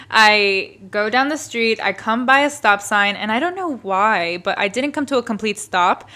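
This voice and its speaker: A podcast host in her twenties tells a personal story in a casual monologue, candid and chatty, swearing often. Her voice is medium-pitched, bright, and forceful.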